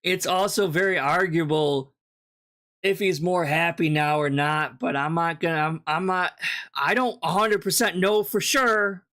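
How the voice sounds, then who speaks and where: A man's voice: on the high side, a little slow, bright, forceful tone. A man streaming a reaction to a video, talking casually, bluntly and mockingly, swearing often.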